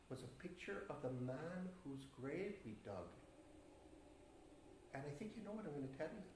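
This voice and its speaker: A man's voice: a little high, roomy sound, slight background noise. A young actor playing a rural Irishman who tells a ghost story in a rambling, chatty way with nervous laughs, on a live stage. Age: young adult. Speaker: actor in a college play. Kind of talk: stage monologue. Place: theatre stage, live performance.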